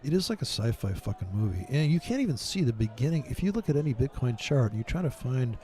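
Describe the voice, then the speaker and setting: A man's voice: medium pitch, sing-song, quick pace, mellow. A man hosting a casual trading stream, rambling and mocking in a profane, joking way. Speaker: livestream trading host. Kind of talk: casual ranting chat with viewers.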